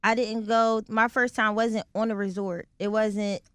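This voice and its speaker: A woman hosting a casual interview, telling stories in an animated way and acting out scenes. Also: a little high, a little slow, clean tone. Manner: animated storyteller, acts out scenes. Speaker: host.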